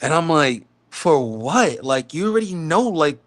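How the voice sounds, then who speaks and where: Animated man from the South Bronx. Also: fairly high pitch, unhurried. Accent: New York. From South Bronx, New York. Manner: animated, acts out quoted street talk. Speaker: live stream host. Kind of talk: casual storytelling chat.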